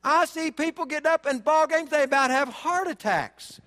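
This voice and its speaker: High-voiced preacher in a reverberant hall. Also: male voice, moderate pace. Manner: animated, swings between loud urging and low asides. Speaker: pastor. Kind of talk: sermon. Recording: long reverb of a church hall.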